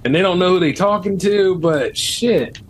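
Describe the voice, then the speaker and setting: A man's voice: high voice, normal speed. A man co-hosting a comedy podcast, chatting in loose, laid-back slang with laughs. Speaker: podcast co-host. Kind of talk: casual comedic chat.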